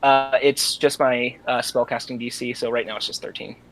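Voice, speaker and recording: A man's voice: mid-range voice, steady tone, normal speed, a bit bright, rough recording. A man playing a tabletop role-playing game, hesitantly explaining his moves and rules. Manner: hesitant, reading rules aloud. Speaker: player. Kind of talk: casual tabletop play.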